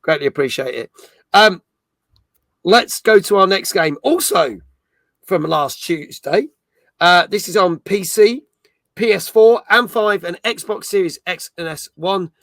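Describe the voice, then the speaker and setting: A man's voice: sits high, expressive, a little slow, creaky, a bit bright, no echo. A man hosting a casual gaming livestream, chatting upbeat and reading out viewers' comments. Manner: chatty, upbeat, reads viewer chat aloud. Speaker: stream host.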